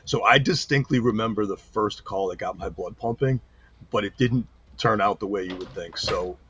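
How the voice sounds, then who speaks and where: A man's voice: on the low side, moderate pace, slight background noise. A middle-aged man, a retired police chief telling stories from his career as a guest in a casual interview, acting out quoted lines as he goes. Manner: animated storyteller, acts out quotes. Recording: dull lo-fi sound.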